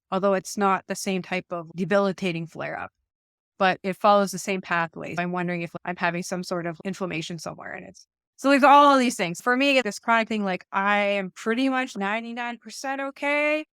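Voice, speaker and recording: A woman's voice: medium pitch, fairly bright tone, clear, resonant tone, dry recording, clean studio sound. A woman in her forties co-hosting a conversational faith podcast, talking things through with lots of asides and restarts. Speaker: podcast co-host. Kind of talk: casual conversational podcast chat.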